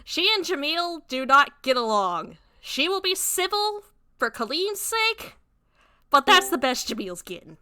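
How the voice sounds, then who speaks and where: A woman streamer narrating her own fan fiction and chatting in an animated, self-deprecating way. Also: high voice, a little slow, no room sound, studio quality. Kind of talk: casual chat and story narration.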